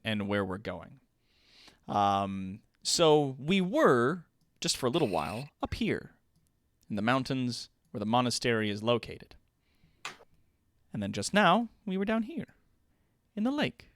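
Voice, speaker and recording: A man narrating a tabletop game as game master, animated and quick to laugh, with many fillers. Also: medium pitch, dry recording, clean studio sound.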